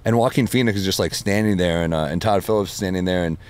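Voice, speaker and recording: A man telling animated stories in casual podcast chat, swearing freely. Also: deep voice, fast, clean tone. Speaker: comedian guest.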